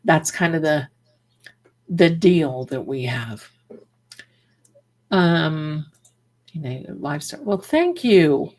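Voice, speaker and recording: Chatty, rambling woman streamer, lowish voice. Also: lively intonation, unhurried, long pauses, darkish tone. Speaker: psychic live streamer. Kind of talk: casual live-stream chat, reading comments aloud.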